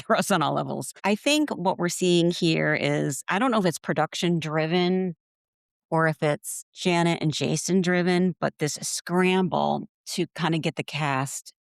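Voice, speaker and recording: A woman with a deep, unhurried voice and vocal fry co-hosts a podcast in casual chat. She is chatty, laughs a lot and acts out what others said, in studio-quality sound with no room echo.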